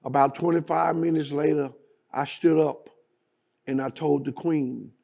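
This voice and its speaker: A male guest speaker telling a story in a dramatic, deliberate manner. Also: a little high, fairly even intonation, vocal fry, darkish tone. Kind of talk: storytelling speech.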